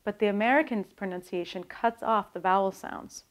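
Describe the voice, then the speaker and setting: A woman, an author, giving a calm, scripted talk on learning languages and demonstrating pronunciation. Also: medium pitch, moderate pace.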